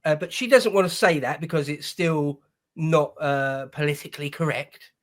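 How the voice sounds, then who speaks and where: A man's voice: a little high, moderate pace. A man hosting casual political commentary, heated and indignant, swearing as he vents.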